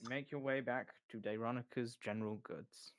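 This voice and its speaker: A calm game master narrates a tabletop game with a dry, wry touch. The voice sits at a middling pitch. It is recorded close and dry, with no room around it. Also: fairly quick, no room sound.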